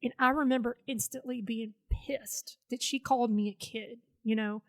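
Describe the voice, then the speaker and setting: A woman's voice: a little high, steady tone, moderate pace. A woman guest telling a personal story in an interview, blunt and profane, acting out the dialogue she quotes. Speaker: podcast guest, Navy veteran.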